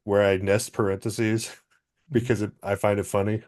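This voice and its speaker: A man co-hosting a comedy podcast, tossing in dry, deadpan quips in casual chat. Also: lowish voice, moderate pace. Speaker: podcast co-host.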